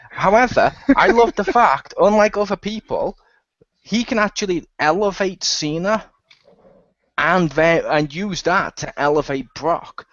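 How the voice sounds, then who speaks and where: A man's voice: high voice, animated, a little slow, a bit bright, no echo. A man co-hosting a wrestling chat, giving blunt and opinionated takes. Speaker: podcast co-host. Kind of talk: casual opinionated commentary. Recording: dull dry lo-fi audio.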